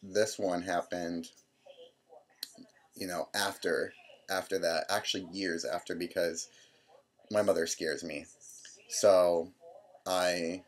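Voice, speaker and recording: Young man in his twenties, deep low voice, casual rambling storyteller, lots of quoted dialogue. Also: steady tone, slow pace, pauses often. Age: 20s. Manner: rambling, full of "I'm like" quotes. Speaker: vlogger.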